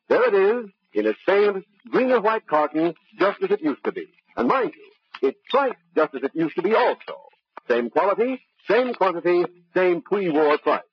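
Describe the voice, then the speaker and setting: A man reading an upbeat 1940s radio commercial in a smooth sales-pitch manner, on a muffled old broadcast. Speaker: commercial announcer.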